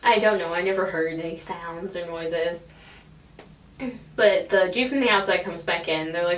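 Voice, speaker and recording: A woman's voice: on the low side, normal speed, a bit bright. A woman in her twenties, a vlogger telling a casual story, swearing freely and acting out the people in it. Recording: echoey room, distant from the mic.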